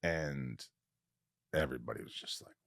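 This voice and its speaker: A podcast host, a man, tells a story with feeling in casual conversation, animatedly acting out what people said with big pitch swings. His voice is creaky and his pace moderate. The recording is dry and of studio quality.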